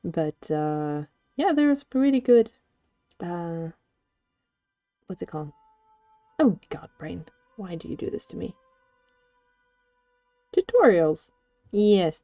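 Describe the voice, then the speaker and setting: Woman streamer, unhurried, mellow tone, playful and gushing, dry close desk mic with slightly dull sound. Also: big pitch swings, no room sound, soft background music. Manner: playful, gushing, switches into squeaky cute voices. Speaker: livestreamer. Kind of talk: casual gaming livestream chat.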